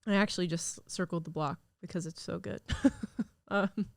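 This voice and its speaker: A woman's voice: fairly low pitch, steady tone, normal speed, creaky, no echo. A young woman hosting a podcast, chatting casually and rambling with lots of fillers, recorded in a studio. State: recovering from illness. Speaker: podcast host. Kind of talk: casual solo podcast chat.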